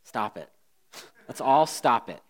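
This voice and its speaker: A man preaching a sermon as a pastor, swinging between loud emphasis and hushed asides. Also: medium pitch, sing-song, takes it slowly.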